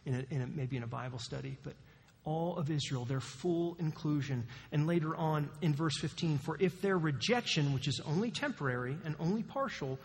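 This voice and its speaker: A male pastor delivers an animated sermon, firing emphatic rhetorical questions at the congregation. His voice sits a touch high for a man. The sound rings with the long reverb of a church sanctuary. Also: a little fast, vocal fry.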